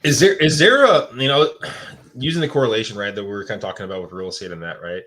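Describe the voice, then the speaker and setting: A man co-hosting a podcast, talking casually with halting, rambling phrasing. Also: on the low side, a bit bright. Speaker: podcast co-host, realtor. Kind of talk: casual chat.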